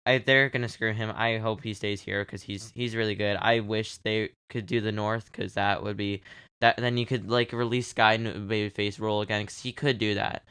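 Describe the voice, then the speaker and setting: A man's voice: on the low side, little pitch movement, normal speed, fairly bright tone, clean tone, no room sound. A man co-hosting a wrestling podcast, chatting casually in a rambling, joking way and laughing easily. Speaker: podcast co-host. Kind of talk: casual wrestling recap chat.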